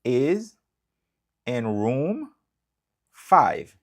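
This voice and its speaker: A man with a Haitian accent teaching English in a live online lesson, mixing Creole and English and repeating each example sentence slowly. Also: mid-range voice, very animated.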